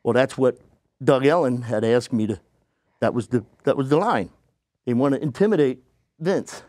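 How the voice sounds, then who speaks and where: A man, a podcast guest, telling a story casually and acting out the people he quotes in a higher voice. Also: moderate pace, darkish tone, dry recording. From United States.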